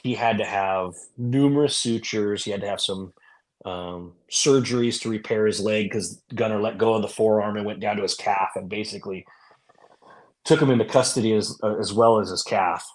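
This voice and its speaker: A man's voice: lowish voice, moderate pace. A man, a former police officer, telling stories in a casual, rambling way with many fillers. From California. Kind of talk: storytelling in a podcast interview.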